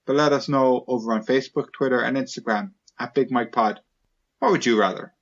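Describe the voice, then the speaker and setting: A man hosting a casual comedy podcast, peppering his friends with quick playful questions. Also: medium pitch, lo-fi sound. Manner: playful, quick questions, jumps into silly voices. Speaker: podcast host.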